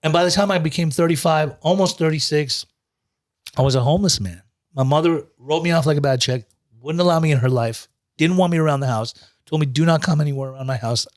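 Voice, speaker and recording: A recovery coach telling his story as a guest, in a profane, animated, streetwise way. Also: a little high, fairly quick. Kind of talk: casual storytelling.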